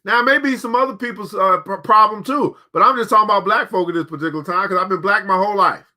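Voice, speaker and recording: A man from the United States with a voice that sits high hosts a show, speaking fast and sharply. He fills the gaps between book readings with preachy, motivational remarks, addressing the audience directly in a colloquial manner and repeating key phrases to drive them home.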